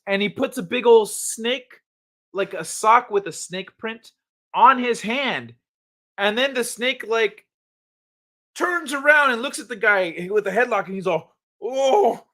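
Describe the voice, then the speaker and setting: A man hosts a late-night live stream in a relaxed, profane chat. He acts out funny stories with bursts of sound effects. His voice is high and bright. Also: a little slow. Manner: laid-back, profane, animated storytelling.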